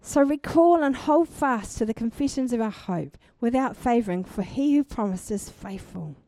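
A young woman preaching in church, her voice sitting a little high and swinging widely in pitch as she tells her testimony. She moves from storytelling into fervent calls to her listeners, and the recording is dry and close. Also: normal speed, no room sound. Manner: animated storytelling testimony, rising to fervent exhortation. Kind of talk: sermon.

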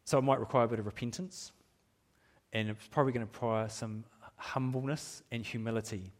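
A man's voice: mid-range voice, steady tone, a little fast. Candid, chuckling man preaching a sermon. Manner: candid, self-deprecating, laughs often, many restarts. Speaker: pastor.

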